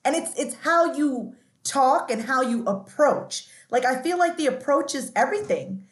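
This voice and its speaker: A woman's voice: sits high, big pitch swings, moderate pace, echoey room. A woman guest on an interview podcast, telling stories in a chatty, candid way, often restarting and saying "like".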